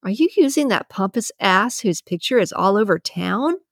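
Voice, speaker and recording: A woman's voice: medium pitch, lively intonation, normal speed, no room sound, clean studio sound. A woman voicing a cocky, nosy male coworker who wisecracks and teases in an audiobook. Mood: teasing. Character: cocky, teasing male employee. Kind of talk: audiobook character reading.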